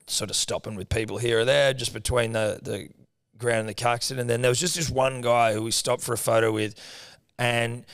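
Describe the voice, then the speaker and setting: A man's voice: mid-range voice, steady tone, fairly quick, gravelly, a bit bright, dry recording, studio quality. A young man retelling a story in a casual podcast chat, laid-back and swearing often. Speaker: podcast co-host.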